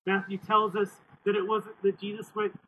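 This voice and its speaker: Man preaching outdoors, emphatic, repeats himself, loud wind noise behind. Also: high-pitched, monotone, normal speed. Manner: emphatic preaching with repeated phrases and call-and-response. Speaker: pastor. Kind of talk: outdoor sermon. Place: outdoors, windy. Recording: tinny phone-like sound with wind noise.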